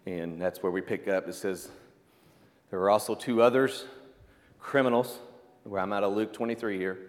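A man's voice: on the low side, moderate pace, long pauses. Man preaching in a reverberant hall. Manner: conversational preaching with asides and fillers. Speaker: pastor. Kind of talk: sermon.

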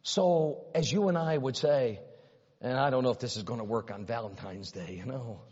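A man preaching a sermon in a large church, swinging from hushed near-whispers to loud, emphatic runs, repeating words and piling up rhetorical questions. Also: mid-range voice, expressive, normal speed, slightly rough. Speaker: pastor. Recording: dull, reverberant hall sound.

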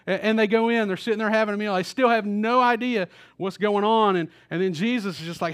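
A man's voice: high voice, fast talker, hardly any pauses, a bit bright. A man preaching a sermon in a church, telling the story casually and acting out the quoted lines. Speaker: pastor. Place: church auditorium. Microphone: stage microphone.

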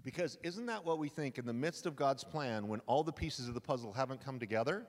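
A male pastor preaching a sermon at a men's conference, telling the story with lively, acted-out quotes. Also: medium pitch, a little fast. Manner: animated storytelling, acting out quoted lines. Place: conference hall. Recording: live hall with long reverb.

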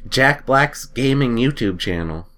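Bright-voiced joking male podcast co-host. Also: medium pitch, expressive, a little slow. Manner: joking, rambling, laughs often. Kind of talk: casual chat.

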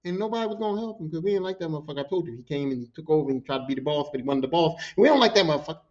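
A man hosting his own podcast with a high-pitched voice. He tells long, profane work stories in a casual monologue, slipping into other people's voices as he goes. The sound is dull and lo-fi. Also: very fast. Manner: profane, animated, acts out quotes. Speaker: podcast host.

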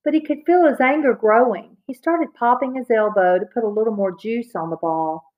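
A woman, a teacher, reading a children's novel aloud to students with expressive storytelling. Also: a little high, moderate pace, dull audio.

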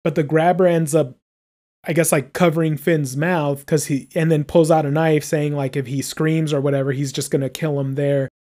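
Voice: medium pitch, steady tone, normal speed, mellow. A podcast co-host recapping a horror film's scenes in casual chat, with lots of "like" and "um". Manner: recaps scenes with many likes and ums. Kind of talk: casual film review chat.

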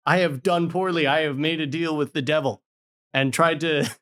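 A man voicing a lovesick, remorseful nobleman, raising his pitch into pleading melodrama. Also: fairly even intonation, moderate pace, fairly bright tone, close to an everyday voice. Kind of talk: playful retelling on a podcast.

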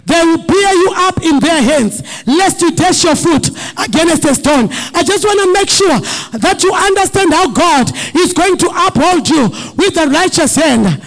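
A male pastor preaching a sermon, rising to shouted, crying peaks and repeating short refrains, with his voice sometimes drifting away from the mic. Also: extremely high pitch, animated, unhurried.

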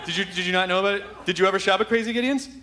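A man's voice: high voice, racing, bright, forceful tone. A man hosting a live comedy podcast on a theater stage, hyper, rambling and profane. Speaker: podcast host. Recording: live venue with crowd noise.

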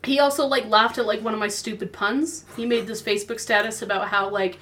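A woman's voice: medium pitch, steady tone, a bit bright, slight background noise. A woman hosting a podcast, telling stories in a chatty, bubbly way. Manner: chatty storytelling, fast and bubbly. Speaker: podcast host. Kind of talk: casual chat.

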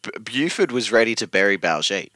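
A man co-hosting a casual podcast chat, adding deadpan joking commentary while recapping a cartoon. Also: fairly low pitch, brisk, no echo. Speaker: podcast co-host.

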